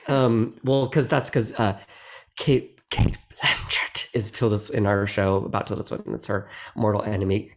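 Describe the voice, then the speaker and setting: A man, a guest actor in a casual interview, who talks in an animated, rambling way with many restarts and laughs. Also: lowish voice, brisk, few pauses. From United States.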